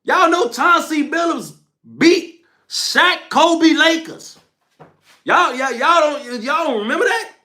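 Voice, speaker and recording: High, bright-voiced young man ranting. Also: expressive, slow. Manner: emphatic, repetitive, scolding chat, slangy. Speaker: livestream host. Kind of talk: heated casual livestream rant.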